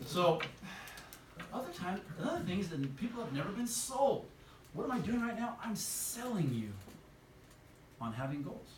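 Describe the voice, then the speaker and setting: A lively male sales trainer speaks to a roomful of trainees with a fairly high, bouncing voice that swings up and down. He pitches questions at the audience. The recording sounds roomy and distant, with a faint hiss. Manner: enthusiastic, animated, asks the audience questions. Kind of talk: live motivational seminar talk. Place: training room with a live audience. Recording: echoey room from far off, light hiss.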